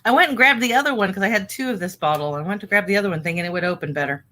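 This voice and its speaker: Woman, livestream host, bright tone, rambling casual chat, at home. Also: medium pitch, very fast. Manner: chatty and rambling, with frequent fillers and asides. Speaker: livestream host and online reseller.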